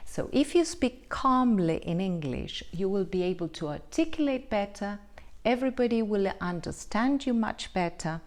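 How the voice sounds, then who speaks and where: A woman teaching English pronunciation in an online lesson, explaining slowly and deliberately and checking in often with the learner. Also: medium pitch, animated, darkish tone. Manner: slow, deliberate, explanatory with frequent checks like "right?".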